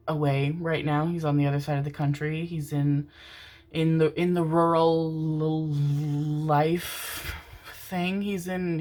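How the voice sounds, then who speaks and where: A young adult woman who reads tarot, talking excitedly and a little out of breath, swearing casually and calling her viewers her darlings. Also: low voice. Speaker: tarot reader. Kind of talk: casual chat and tarot intro.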